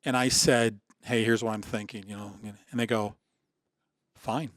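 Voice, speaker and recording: With a lowish voice and a moderate pace, a man in his sixties from Michigan tells a personal story while guesting on a podcast in casual conversation. He animatedly performs others' dialogue and restarts repeatedly, in a dry recording with clean studio sound.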